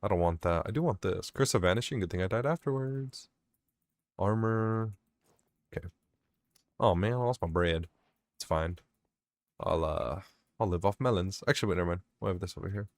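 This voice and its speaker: A man's voice: low voice, normal speed, pauses often, no echo. A young man rambling and swearing as he vents about work over his gameplay commentary. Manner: rambling, swearing, venting, self-mocking. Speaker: gaming vlogger.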